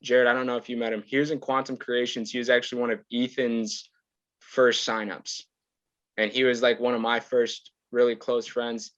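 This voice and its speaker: A man's voice: mid-range voice, little pitch movement, normal speed, a bit bright, no room sound, dull audio. A man in his twenties, a podcast guest, chatting casually in a laid-back, rambling way and laughing often. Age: 20s. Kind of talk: casual chat.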